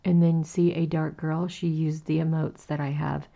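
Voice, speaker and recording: Raspy gravelly woman in her 40s chatting slow while she crochets on stream, low husky voice, kinda muffled audio. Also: level tone. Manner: slow, gentle, chatty with fillers, reading out chat. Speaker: crochet livestream host. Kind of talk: casual chat while crocheting.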